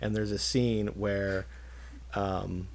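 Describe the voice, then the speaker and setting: A man's voice: lowish voice, slow, vocal fry. A man co-hosting a casual podcast chat, telling a long anecdote and acting out the people in it. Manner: animated storyteller, acts out quotes. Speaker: podcast co-host.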